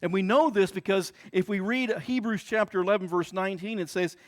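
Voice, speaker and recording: A pastor preaching a sermon in an earnest manner, often repeating words for emphasis. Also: male voice, high voice, brisk, few pauses.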